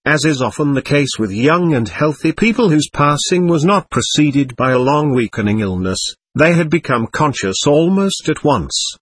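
A man reading a first-person memoir aloud at a measured, steady pace. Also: a little high, breathy edge, no echo.

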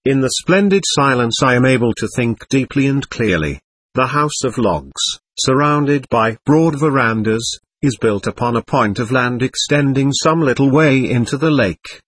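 A man narrating a book in a measured, reflective reading style. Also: medium pitch, fairly bright tone, breathy edge, dry recording. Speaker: audiobook narrator. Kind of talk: scripted narration.

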